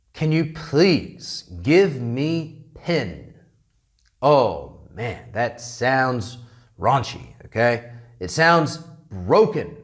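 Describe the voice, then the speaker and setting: An American man teaching English grammar in a classroom lecture, animated and checking in constantly with "okay?". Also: a little high. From United States.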